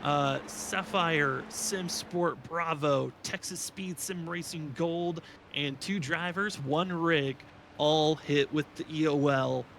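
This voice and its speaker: A man hosting a live sim racing charity broadcast, quick and upbeat, reading names and updates. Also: fairly high pitch, noisy background. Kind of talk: live race commentary.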